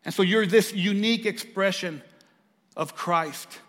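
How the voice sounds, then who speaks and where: A pastor preaching a sermon, swinging from raised, emphatic lines to hushed, soft ones. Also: male voice, high-pitched, unhurried, in a large hall.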